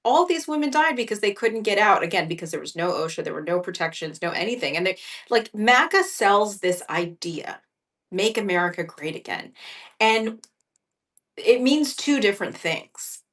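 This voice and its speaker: A woman's voice: mid-range voice, animated, moderate pace, a bit bright. A woman guest in a casual political chat over a video call, earnest and emphatic. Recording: distant mic.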